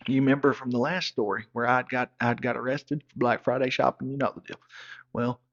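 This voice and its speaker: A gravelly, rough-edged man with a drawl rambles through a wild comic story, cussing freely as he goes. His voice sits at an everyday middle pitch, and the recording sounds dull and lo-fi. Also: steady tone, brisk. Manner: rowdy, profane, rambling backwoods tall-tale telling. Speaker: comedic storyteller.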